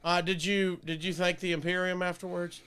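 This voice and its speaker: Man, high voice, smooth, co-host, reads viewer questions. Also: level tone, pushed and bright. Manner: asks quick questions, reads out viewer comments. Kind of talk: casual live-stream chat.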